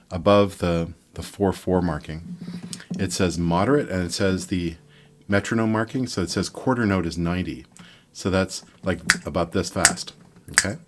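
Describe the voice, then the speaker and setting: An older man from Montreal talks through a guitar lesson in a loose, rambling way. His voice sits very low, and he counts beats and hums rhythms as he explains. It sounds like a casual live stream. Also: a little hiss or hum. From Montreal, Quebec, Canada. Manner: rambling and relaxed, counting and scatting rhythms aloud. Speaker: guitar teacher.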